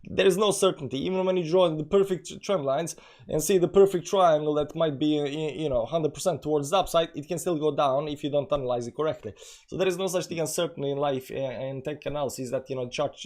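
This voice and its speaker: A man's voice: on the high side, steady tone, fast, a little mellow. A man hosting a live stream, explaining chart analysis in a rambling way full of "you know" fillers. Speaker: crypto channel host. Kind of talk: casual live-stream chat.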